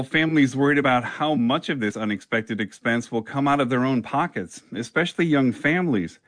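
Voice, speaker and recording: A man's voice: mid-range voice, no echo. Man reporting radio news, dry sound.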